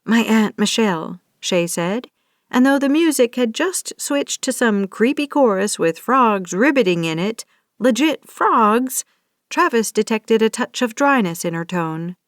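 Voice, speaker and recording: A woman narrating a romance audiobook in a steady, scripted reading. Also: a little high, unhurried, no room sound, studio quality.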